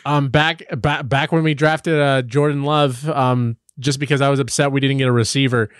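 A young man co-hosting a casual sports chat, telling rambling stories full of "um" and "like", jumping up in pitch when he gets worked up. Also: normal speed, clean tone, dry recording, studio quality. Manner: animated, rambling storytelling with many fillers. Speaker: podcast co-host.

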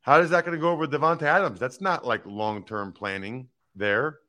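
A man hosting a sports talk show, giving emphatic, animated opinions on football news and teasing his co-host. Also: mid-range voice, normal speed.

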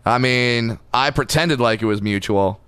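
A man's voice: medium pitch, a bit bright, clean tone, no echo. Wry joking male podcast co-host. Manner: wry, joking, chiming in with quick asides. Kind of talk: casual comedic chat.

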